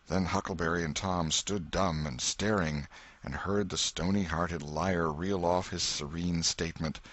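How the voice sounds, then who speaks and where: A man narrating a classic novel as an audiobook, dramatic and expressive in his storytelling. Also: low voice, dry recording. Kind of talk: scripted narration.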